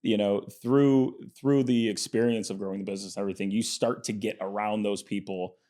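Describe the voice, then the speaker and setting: A man's voice: fairly low pitch, fairly quick. A man being interviewed as a business guest in casual chat, telling stories with lots of fillers and acted-out quotes. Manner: animated storyteller, acts out quotes; frequent fillers and restarts. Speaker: podcast guest, entrepreneur.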